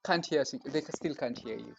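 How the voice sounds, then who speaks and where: A man's voice: mid-range voice, brisk, gravelly. Kenyan male co-host, joking and chatty, heard through lo-fi call audio with light noise. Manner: playful, laughs often, mixes in Swahili. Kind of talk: casual chat. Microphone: video call.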